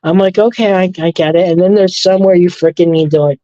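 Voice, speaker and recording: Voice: medium pitch, fairly even intonation, a little fast, mellow, no room sound. Easygoing speaker on a dull, dry recording. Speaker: podcast co-host. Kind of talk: casual chat.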